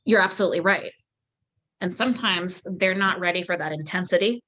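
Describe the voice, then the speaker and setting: A woman leading a volunteer training session, explaining calmly and acting out example phrasings. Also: fairly low pitch, brisk. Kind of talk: training lecture.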